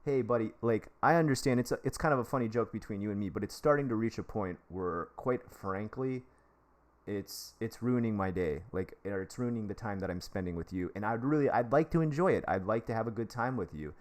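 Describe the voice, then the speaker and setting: A man in his thirties with a fairly low voice talks casually on a live stream. He gives relaxed, rambling advice. He keeps breaking off in excitement to thank viewers. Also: fairly quick. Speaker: livestream host giving advice.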